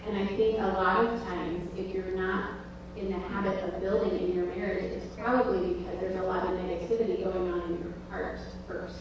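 A woman's voice: fairly low pitch, fairly even intonation, moderate pace, very echoey, distant mic, a crowd in the background, rough recording. A woman, the pastor's wife, speaking earnestly to a church meeting with many fillers.

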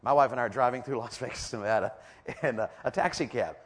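Fast and slightly breathy, this medium-pitched middle-aged man gives a sermon in a church auditorium whose size you can hear, drawing listeners in with call-and-response and questions he doesn't expect answered.

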